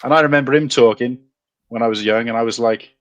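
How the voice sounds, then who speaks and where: A man with a Welsh accent leads a casual online chat, wandering through stories with quick asides. His voice sits at a middle pitch and sounds close and dry, with no room around it. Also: dry recording. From Wales. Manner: chatty and rambling, with quick asides. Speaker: podcast host.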